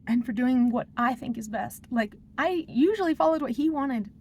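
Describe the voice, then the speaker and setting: A woman's voice: sits high, animated, moderate pace, a little mellow, a little hiss or hum. A woman talking through her personal struggles in a confessional vlog, rambling and emotional as she vents. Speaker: vlogger.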